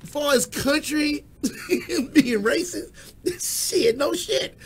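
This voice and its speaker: A man with a strikingly high voice co-hosts a casual music talk show. He launches into animated, profane rants full of jokes, shouting when he gets worked up. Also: drawn-out words. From Texas. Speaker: co-host. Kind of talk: casual radio-style chat.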